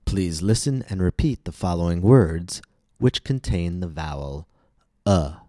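A low, mellow American male voice delivers a scripted pronunciation lesson. He enunciates each word slowly and carefully, leaving pauses for repetition. The sound is dry and close to the mic. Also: expressive, no echo. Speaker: pronunciation teacher.

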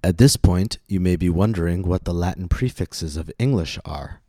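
Man, pronunciation teacher, low mellow voice, dry close sound. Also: dry recording. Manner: slow, deliberate, exaggerates stressed syllables in model words. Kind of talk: scripted pronunciation lesson.

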